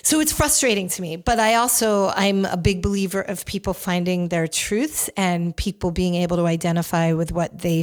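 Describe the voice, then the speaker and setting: Candid lower-voiced woman podcast host. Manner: candid, rambling with frequent restarts. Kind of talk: opinionated solo commentary.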